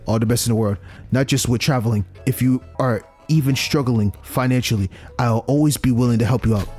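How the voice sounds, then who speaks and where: A man voicing a gentle, sincere young hero. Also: mid-range voice, a little fast, faint music behind, pitched below the performer's own voice, natural voice. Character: calm, kind young male protagonist.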